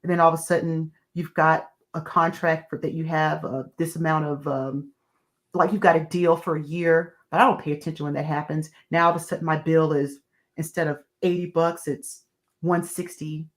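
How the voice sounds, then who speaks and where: A woman with a low-pitched voice talks as a podcast guest. She tells candid stories in a lively, animated way, keeping the chat casual. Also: normal speed.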